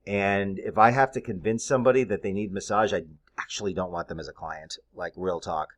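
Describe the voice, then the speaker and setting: A man's voice: low voice, steady tone, a little fast. A middle-aged man, a massage therapist, giving casual, candid advice in a blunt, conversational way with plenty of fillers.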